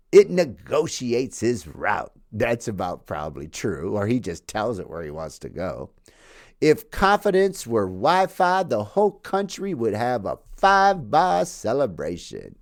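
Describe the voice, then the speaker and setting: A man's voice: medium pitch, a little mellow. A middle-aged man from Canada hosting a podcast, rambling casually, laughing and swearing freely as he tells stories and roasts politicians. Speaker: podcast host.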